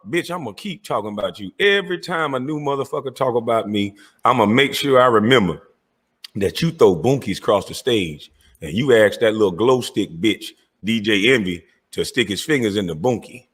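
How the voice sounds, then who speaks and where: A man's voice: medium pitch, expressive, moderate pace, a bit bright, slightly rough. A man delivering a heated, profane rant, confronting and calling out rivals by name. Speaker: online commentator.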